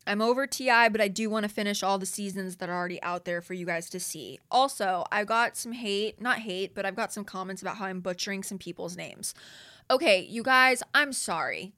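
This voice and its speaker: A woman's voice: medium pitch, brisk, pushed and bright. A young woman with a Los Angeles Valley Girl accent, hosting a casual solo podcast, chatty and full of "like" and "you guys". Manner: chatty, frequent "like" and "you guys", laughs often, swears casually. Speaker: podcast host.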